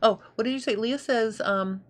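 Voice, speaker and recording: A woman's voice: on the high side, normal speed, a little hiss or hum. A woman hosting a live sewing show, thinking aloud in casual chat and reading out viewer comments.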